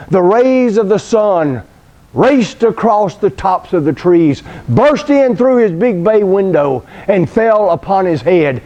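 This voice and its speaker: A man preaching a sermon, telling a story with slow, deliberate pauses. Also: high voice, a little mellow, highs cut off.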